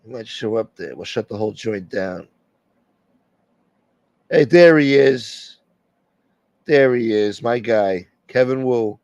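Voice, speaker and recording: Hosting a casual livestream, a man jokes brashly with his viewers and swears freely. His voice is medium-pitched and darkish, his pace slow with frequent pauses, and the recording is dry.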